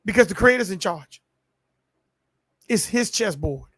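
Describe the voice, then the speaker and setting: A man's voice: high-pitched, animated, unhurried, a bit bright, dry recording. A man preaching a sermon in call-and-response style, stretching words and building to peaks.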